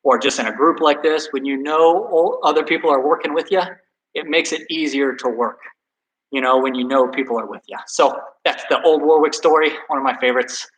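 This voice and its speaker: A man's voice: fairly high pitch, fairly quick, a bit bright, low-quality recording. A man coaching a workout and telling a story, friendly and self-deprecating in a casual chatty way. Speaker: soccer coach.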